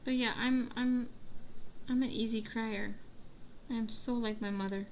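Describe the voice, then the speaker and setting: Slow, gravelly-voiced woman chatting. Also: steady tone, a little hiss or hum. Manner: chatty, rambling, laughs often; acts out family quotes in a high voice. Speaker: diamond painting vlogger. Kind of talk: casual chat while crafting.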